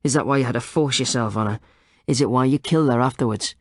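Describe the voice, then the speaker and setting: A man's voice: mid-range voice, fast talker, no echo, clean studio sound, natural voice. A man voicing a male police detective who interrogates a suspect, needling and accusing in turn. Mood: insinuating. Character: male police detective, coaxing then menacing.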